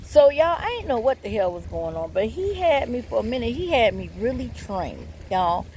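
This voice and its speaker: Blunt, candid woman with a higher voice. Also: sing-song, normal speed, a little mellow, a little hiss or hum. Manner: blunt and candid, swears, keeps addressing viewers. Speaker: vlogger giving relationship advice. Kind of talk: personal storytelling and advice to viewers.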